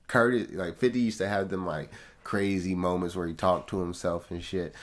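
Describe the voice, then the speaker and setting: Deep-voiced laid-back male music reviewer. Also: fairly quick. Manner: slangy, laid-back, talks straight to viewers. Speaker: album reviewer. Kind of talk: casual music review commentary. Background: faint music.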